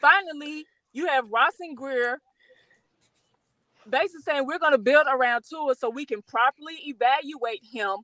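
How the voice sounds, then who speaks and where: A woman's voice: sits high, moderate pace, sharp tone, no room sound. A woman ranting on a sports podcast, blunt and full of profanity. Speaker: panelist. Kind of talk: heated fan podcast rant.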